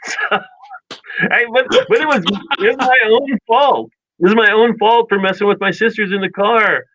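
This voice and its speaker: A man's voice: sits high, normal speed, dull audio, background noise. A man co-hosting a radio show, telling a long rambling childhood story in casual chat and acting out family quotes. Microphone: studio microphone.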